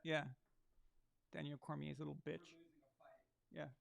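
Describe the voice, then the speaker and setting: Profane, gravelly high-voiced male streamer. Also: level tone, unhurried, fairly bright tone. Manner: crude, profane, ranting; mocking, sarcastic asides. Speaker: sports livestream host. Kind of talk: live casual commentary while watching a game.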